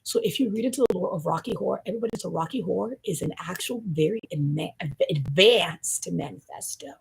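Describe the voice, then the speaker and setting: A woman rambling through a conspiratorial stream commentary, her talk swinging between hushed asides and loud outbursts. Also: lowish voice, animated, quick pace, low-quality recording. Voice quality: gravelly, raspy.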